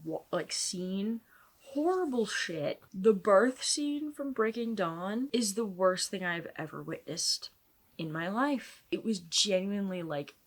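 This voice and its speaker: Young woman, casual reading vlog, exasperated ranting, lively swinging pitch, laughs a lot, slips into whispers, at home at night. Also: slow pace. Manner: drops into whispers. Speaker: book vlogger.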